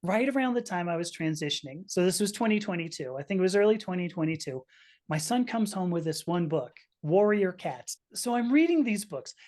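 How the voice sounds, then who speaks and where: A woman's voice: fairly low pitch, expressive, fairly quick, a little mellow. A woman in her fifties, a podcast guest, telling a personal story earnestly and with feeling, often restarting her sentences. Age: 50s. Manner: earnest, emotional, frequent restarts.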